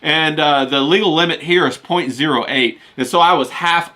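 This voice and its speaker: A man's voice: on the high side, normal speed, sharp tone. A man in casual chat, telling a rambling story with lots of filler. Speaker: podcast co-host.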